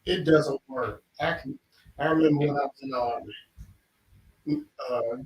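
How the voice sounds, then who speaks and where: A man's voice: mid-range voice, moderate pace. A man chatting casually as a guest on a talk show, laid-back and blunt. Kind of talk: casual chat. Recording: roomy echo, distant mic, faint noise.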